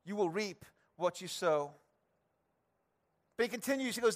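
A man preaching a sermon in an earnest, conversational way, often turning to address the congregation directly and swinging between quiet, low passages and raised emphasis. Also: expressive, a little slow, pauses often. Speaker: pastor.

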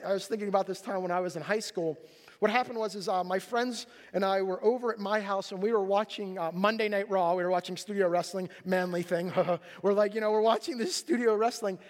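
A male pastor tells the story with animated, joking energy and slips into voices for each character. His voice sits high. It carries a long echo through a large hall. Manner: animated storytelling, acts out characters, jokey asides. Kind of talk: sermon.

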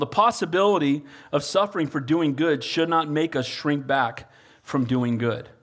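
A man preaching a sermon as pastor, animated and calling on the congregation for amens. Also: a little high.

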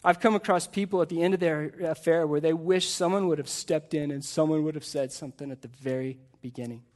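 A man's voice: a little high, steady tone, fairly quick, a little mellow. A middle-aged man, a pastor preaching a sermon into a pulpit microphone, earnest and emphatic, asking the congregation rhetorical questions.

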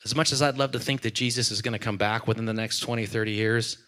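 A man who is a senior pastor, preaching a sermon in a church with animated, playful storytelling. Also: on the low side, quick pace.

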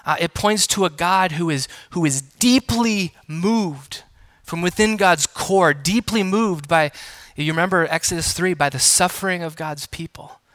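Bright-voiced pastor preaching to a congregation. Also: male voice, on the high side, moderate pace, no echo. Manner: engaging teacher, asks congregation to respond; playful self-deprecating asides. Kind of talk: sermon.

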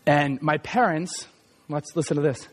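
A man's voice: on the high side, measured pace. A man in his thirties preaching a sermon in a chatty, self-deprecating way with many asides.

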